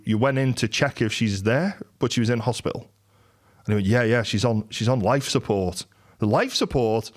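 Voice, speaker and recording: A middle-aged man, a podcast host and entrepreneur telling a story in a casual monologue, acting out the quoted dialogue with lively energy. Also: mid-range voice.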